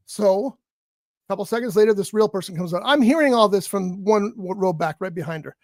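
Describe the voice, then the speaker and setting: A man co-hosting a casual talk show, telling a long, animated complaint story. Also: sits high, a little fast, no echo, clean studio sound. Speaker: co-host. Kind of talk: casual podcast chat.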